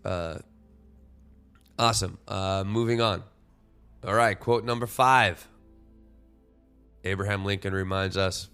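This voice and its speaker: Male podcast host, 40s, deep smooth voice, reflective and rambling, faint music underneath. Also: fairly even intonation, measured pace, pauses often, fairly bright tone. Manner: rambling, self-correcting, reflective.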